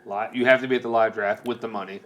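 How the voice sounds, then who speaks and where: A man's voice: lowish voice, fairly even intonation, fast, muffled recording. A man from Texas co-hosting a casual sports podcast, laughing easily and explaining league rules in a rambling way. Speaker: podcast co-host. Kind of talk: casual chat.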